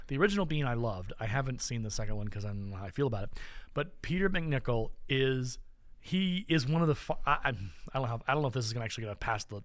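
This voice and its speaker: A man's voice: medium pitch, fairly bright tone, no echo. A man co-hosting a podcast in casual chat, enthusiastic and rambling with frequent restarts. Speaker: podcast co-host.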